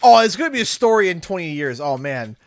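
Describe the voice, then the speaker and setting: A man's voice: high-pitched, big pitch swings, fast, faint music behind. A man in his thirties from Canada, chatting casually on a gaming livestream, rambling with lots of fillers and frequent laughs. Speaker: gaming streamer.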